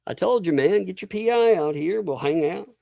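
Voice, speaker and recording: Male streamer host, gravelly and lively, combative and mocking, dry close sound. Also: high-pitched, moderate pace, no echo. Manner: combative, mocking, swears, laughs between lines. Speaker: livestream host. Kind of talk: ranting livestream commentary.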